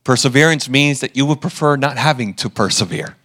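A man's voice: medium pitch, fairly quick, pushed and bright. A man preaching a sermon as a pastor, telling stories with self-deprecating humor.

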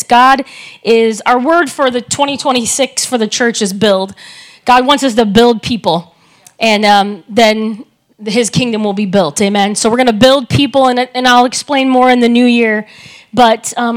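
A woman pastor giving church announcements, upbeat and rallying the congregation. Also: fairly high pitch.

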